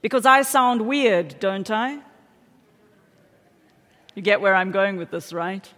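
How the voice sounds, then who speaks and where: A woman's voice: mid-range voice, expressive, slow, fairly bright tone. A middle-aged South African woman gives a sermon in a church sanctuary, her voice trailing into a long hall reverb. She tells her stories in a chatty, self-deprecating way and keeps checking in with the congregation. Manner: chatty, self-deprecating storytelling with audience asides. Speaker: pastor.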